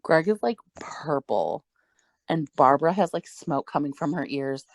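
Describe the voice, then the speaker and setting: A young woman with a slightly low voice recounts a wild story with profanity and bursts of laughter. Her voice sounds dry and close, with no room around it. She talks in casual podcast chat. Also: animated, moderate pace, no echo. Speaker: podcast co-host.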